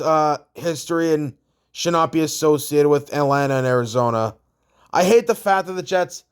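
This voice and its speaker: A man's voice: a little high, smooth. Blunt young man ranting casually. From Canada. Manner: blunt and profane, rambling with restarts. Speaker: hockey vlogger. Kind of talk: casual opinion rant.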